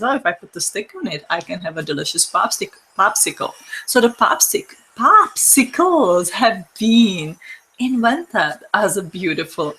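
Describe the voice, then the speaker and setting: A woman's voice: lowish voice, sharp tone, low-quality recording. A woman giving a spiritual talk, speaking with grammar and often repeating "and so much on". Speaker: spiritual teacher.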